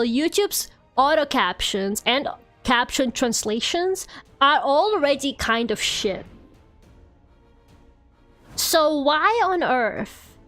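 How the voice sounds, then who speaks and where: Chatty high-voiced woman streamer. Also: a bit bright. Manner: chatty, ranting, many "like"s. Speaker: VTuber streamer. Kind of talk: casual live-stream chat while gaming.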